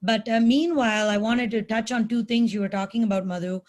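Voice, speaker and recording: A woman hosts a webinar discussion over a video call, her voice sitting somewhat high. She talks in a conversational, engaged way and often checks in with the listener. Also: brisk, darkish tone. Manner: conversational, adds "right?" and "you know". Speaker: webinar host.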